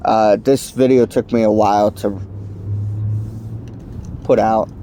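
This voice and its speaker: A man's voice: fairly low pitch, fairly even intonation, slow, mellow, slight background noise. Angry man ranting to camera. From United States. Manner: angry, emphatic, swearing. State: allergy-stuffed, coughing. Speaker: vlogger. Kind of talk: political rant to camera.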